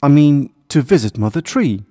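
A timid little boy hedgehog from a storybook speaks up in a raised, higher voice, as a man puts him on. He talks shyly and hesitantly, close and dry. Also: expressive, a little slow, darkish tone, dry recording. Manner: shy, hesitant. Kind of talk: storybook character voice.

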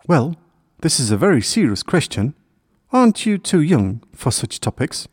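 A man's voice: mid-range voice, sing-song, moderate pace, a little mellow, no echo, studio quality. A man voicing a proud, self-important little male sparrow who talks in a lofty, lecturing way in a children's story. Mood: evasive. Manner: lofty, lecturing, a bit evasive. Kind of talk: storybook character voice.

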